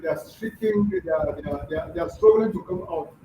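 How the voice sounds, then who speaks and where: A man's voice: a little high, fast, dark tone, slight background noise. A man teaching a classroom lesson, often quizzing the students with questions. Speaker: language teacher. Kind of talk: classroom lecture. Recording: dull echoey room from far off.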